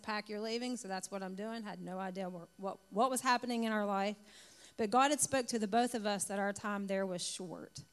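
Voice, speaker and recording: A woman pastor sharing her testimony conversationally, reading from typed notes. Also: mid-range voice. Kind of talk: sermon testimony.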